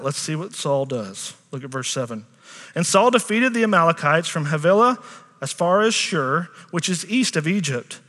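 A middle-aged man preaches to his congregation in a relaxed, chatty way, stopping to ask them questions. His voice sits a little high, and a long reverb from the church sanctuary trails after his words. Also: normal speed. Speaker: pastor. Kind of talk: sermon.

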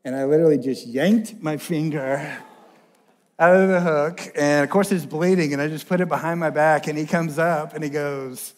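Animated storytelling man preaching. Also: a little high, normal speed. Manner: animated, self-deprecating storyteller, swings from loud to hushed. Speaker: pastor. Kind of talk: sermon with personal storytelling.

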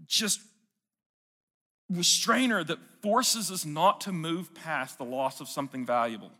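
A man's voice: high voice, bright, forceful tone, in a large hall. A man preaching a sermon in an earnest, conversational way, asking the congregation questions. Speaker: pastor.

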